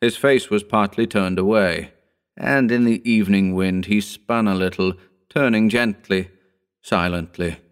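Low-voiced man narrating a horror story. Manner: measured, slowing for grim detail. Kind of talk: dramatic audiobook narration.

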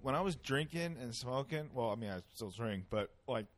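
Rambling, joking man with animated pitch. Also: moderate pace. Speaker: podcast guest. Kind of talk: casual podcast chat. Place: Sacramento.

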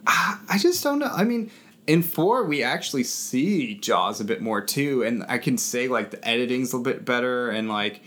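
A man co-hosting a podcast, recapping a movie in a jokey way and often breaking into silly voices. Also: moderate pace. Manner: animated, jokey, jumps into squeaky character voices. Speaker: podcast co-host. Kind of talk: casual movie recap chat.

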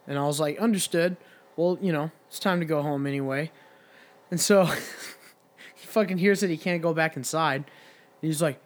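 A young man with a fairly high voice, talking at a normal speed, co-hosts a podcast and casually tells a long, profane story set in a bar. He rambles through it, quoting the people involved in their own voices.

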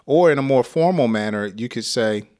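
An American man teaching an English lesson, speaking slowly and deliberately with light chuckles. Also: mid-range voice, animated, a little mellow. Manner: slow, deliberate and clearly spoken, with light chuckles.

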